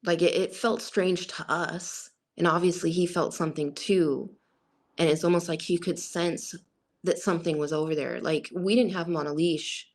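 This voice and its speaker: A woman's voice: fairly low pitch, steady tone, moderate pace, darkish tone. A woman guest recounting a personal encounter in a rambling way, full of "like" and quoted asides.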